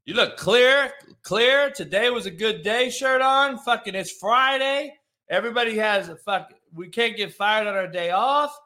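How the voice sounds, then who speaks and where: A man hosting a casual sports talk show over a remote call, loud and excitable, swearing freely as he rants. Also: very high-pitched, unhurried. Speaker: podcast host. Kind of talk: casual profane sports chat.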